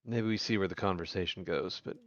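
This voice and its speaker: Male player, very low voice, calm and measured, dull lo-fi recording. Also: dry recording. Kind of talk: playing a tabletop role-playing game. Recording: dull lo-fi mic.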